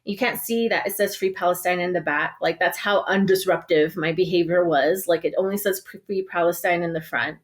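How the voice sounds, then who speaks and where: A woman's voice: lowish voice, fairly quick, hardly any pauses. A woman from the Navajo Nation, an organizer, recounting an experience in casual speech with many "like"s and restarts. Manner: heavy use of "like" and restarts, animated storytelling. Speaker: organizer, podcast guest.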